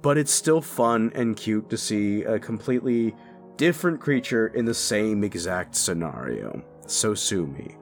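A man's voice: on the low side, lively intonation, a little slow, soft background music. A man and father, a content creator, talking casually and candidly to his audience, joking about himself. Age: adult father. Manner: candid, self-deprecating, loose. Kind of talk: casual chat.

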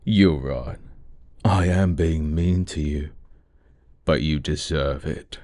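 A man's voice: very deep voice, slow, a little mellow, no room sound. A young adult man performing an adult audio role-play, speaking close to the mic in a teasing, commanding murmur.

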